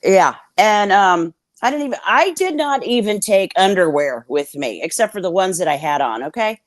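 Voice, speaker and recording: A woman's voice: mid-range voice, lively intonation, normal speed, no room sound. Blunt, swearing woman with a dry, close sound. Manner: blunt, swears freely, acts out quoted dialogue. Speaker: guest. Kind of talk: candid storytelling in a conversation.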